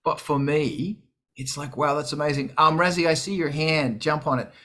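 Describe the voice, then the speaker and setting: Man, bright tense voice, casual livestream chat, profane and animated. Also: a little high, normal speed. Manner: animated, swearing, quoting others in put-on voices. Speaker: livestream host. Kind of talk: casual chat to a live audience.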